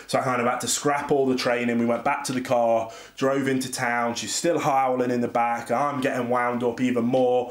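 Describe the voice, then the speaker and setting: A dog trainer talks through a rough day in a candid, rambling vlog monologue. His delivery stays fairly flat, with little rise and fall. The camera sits across his home office, so the sound is roomy and echoey. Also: medium pitch, fairly quick, hardly any pauses. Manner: candid, rambling, frustrated venting. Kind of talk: casual reflective vlog monologue. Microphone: camera across the room. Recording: roomy echo.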